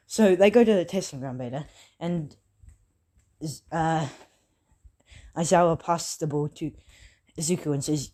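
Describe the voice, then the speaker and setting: A woman's voice: deep voice, a little slow, long pauses, dark tone. A woman improvising a fan story aloud, rambling with many fillers and self-corrections.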